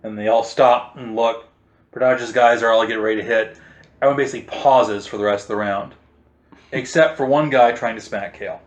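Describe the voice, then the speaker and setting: A man's voice: mid-range voice, fairly even intonation, fairly quick. A man running a tabletop game as game master, steadily explaining rules and narrating the action. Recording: echoey room.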